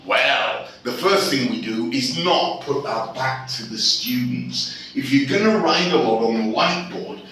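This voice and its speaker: A man's voice: medium pitch, a bit bright, a little hiss or hum. A man from Yorkshire, England, a teacher giving blunt, emphatic classroom advice in a classroom. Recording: echoey room, mic far off.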